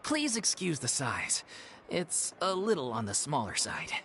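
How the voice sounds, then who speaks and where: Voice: mid-range voice, wildly swooping pitch, measured pace, a bit bright, a little hiss or hum, exaggerated voice. A weary troupe member. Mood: polite. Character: weary troupe member running a failing theater group. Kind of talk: video game voice acting.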